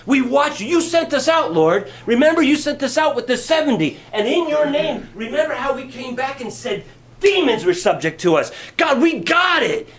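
A man preaching acts out an eager male disciple pleading with his master in an excited, insistent way. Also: very high voice, moderate pace, voice pushed up, full character voice.

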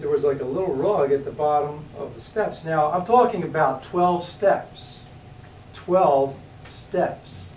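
A middle-aged man giving a rambling testimony at church, halting and restarting, rising into sudden outbursts when he calls on God. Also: a little high, slight background noise. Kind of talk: testimony sermon. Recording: echoey room, voice from a distance.

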